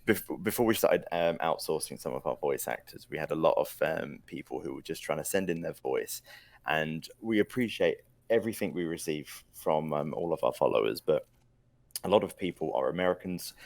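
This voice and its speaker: Podcast guest: a low-voiced British man, steady and explanatory, recorded dry and close. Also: moderate pace, creaky, dry recording. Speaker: mod team lead, podcast guest. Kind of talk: casual podcast interview.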